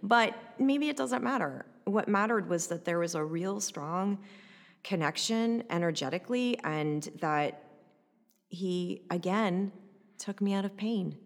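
A woman recounting a personal story in an animated, conversational way, often adding "like" and "right?". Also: mid-range voice, unhurried, vocal fry, long reverb tail.

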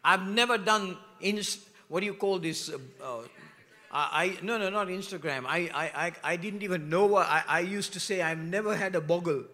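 A middle-aged man preaching a sermon as pastor, with animated rhetorical questions, dropping to hushed asides and rising loud again. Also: high voice, moderate pace. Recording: long reverb of a large hall.

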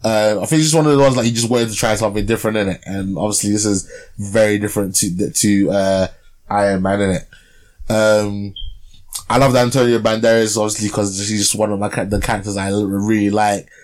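A man's voice: fairly low pitch, steady tone, a little fast, darkish tone. A young man co-hosting a podcast, chatting casually about a film with lots of fillers and tag questions. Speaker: podcast co-host. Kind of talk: casual film review chat.

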